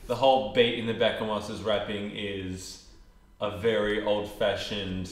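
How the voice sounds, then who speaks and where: A man's voice: lowish voice, little pitch movement, measured pace. Joking aussie guy in an echoey room. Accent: Australian. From Australia. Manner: joking, rambling banter. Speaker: podcast host. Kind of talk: casual chat. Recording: echoey room, faint background noise.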